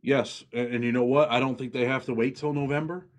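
A man's voice: mid-range voice, steady tone, a little fast. A man hosting a podcast in a casual chat, blunt and outspoken in how he talks. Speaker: podcast host.

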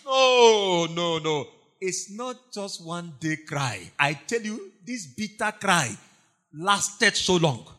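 A man's voice: high-pitched, animated, slow, pushed and bright, full character voice. A man preaching in the voice of a grief-stricken Peter, crying out in anguished lament.

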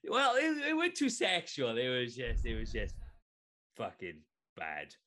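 A man's voice: mid-range voice, huge pitch swings, measured pace, pushed and bright, a little hiss or hum. A man co-hosting a podcast, telling rambling stories and swearing freely in casual chat. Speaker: podcast co-host.

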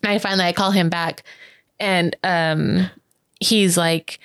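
Woman, casual storyteller, animated, plays the quoted voices, dry mic. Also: measured pace, dry recording. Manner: animated, many fillers like "like" and "um"; acts out quoted voices with sharp pitch jumps. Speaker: interview guest.

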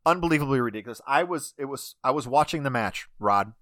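Ranting, animated male podcast host. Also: medium pitch, quick pace, no room sound, clean studio sound. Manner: animated, ranting, talks over himself with restarts. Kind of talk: casual chat.

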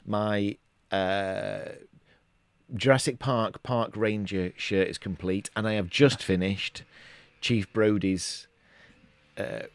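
A man's voice: on the low side, fairly even intonation, slow pace, no echo. A middle-aged man co-hosting a podcast, rambling in casual chat with lots of restarts and hesitations. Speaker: podcast co-host.

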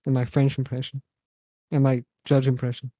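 A man's voice: medium pitch, completely flat delivery, moderate pace, dark tone, no room sound. A young man co-hosting a podcast, joking around in casual chat, swearing and laughing often. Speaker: podcast co-host.

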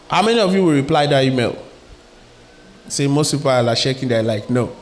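A man preaching a sermon in a lively, conversational way, asking his listeners questions and acting out little everyday scenes. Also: medium pitch, fairly quick, pauses often. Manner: acts out little scenes with quoted voices.

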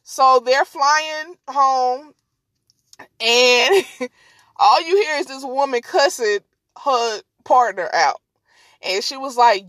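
A woman podcast host telling a story in an animated, slangy, casual way and laughing often. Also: sits high, slow, no room sound.

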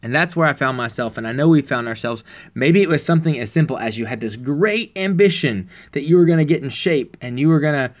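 A man preaching in a relaxed, earnest, conversational way, telling a personal story with frequent pauses and fillers. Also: medium pitch.

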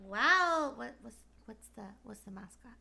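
A woman's voice: a little high, expressive, measured pace, vocal fry, bright, forceful tone. Giggly teasing woman host. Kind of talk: casual chat.

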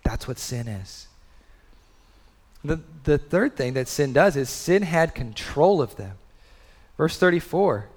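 A man's voice: on the high side, animated, slow pace, pauses often, a little mellow, in a large hall. A man in his thirties preaching a sermon in a conversational way, full of rhetorical questions. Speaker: pastor.

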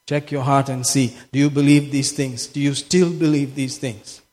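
A man's voice: medium pitch, flat delivery, normal speed, a little mellow. A man preaching a sermon as pastor, impassioned and repeating phrases for emphasis. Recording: echoey hall with long reverb.

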